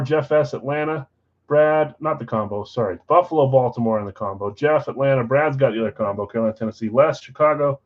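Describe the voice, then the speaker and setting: A man's voice: medium pitch, a little fast, muffled recording. A man hosting a live card break stream, reading off names and teams with chatty asides.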